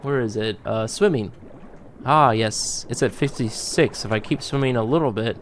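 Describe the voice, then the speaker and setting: A man giving excitable let's-play commentary, riffing as he explores a video game, with sudden jumps in pitch. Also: moderate pace, slight background noise. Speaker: gaming YouTuber. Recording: game music behind.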